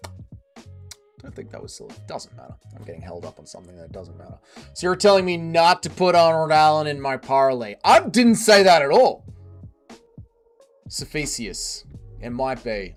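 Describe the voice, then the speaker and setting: A man hosting a livestream, reading viewer comments aloud with joking, profane banter. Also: on the high side. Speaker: livestream host.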